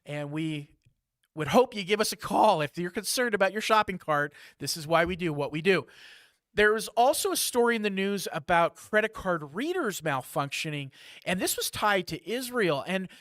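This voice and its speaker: A man with a fairly high voice hosts a live security news briefing. He talks in a lively, chatty way, dropping asides and jokes between items. The sound is dry and close, with no room around it. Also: moderate pace, no room sound.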